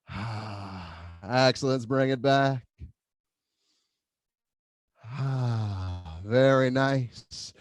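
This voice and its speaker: Calm, lively male tai chi instructor. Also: mid-range voice, extremely slow, pauses often. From Philadelphia area. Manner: calm cueing with playful whoops. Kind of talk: guided online movement class.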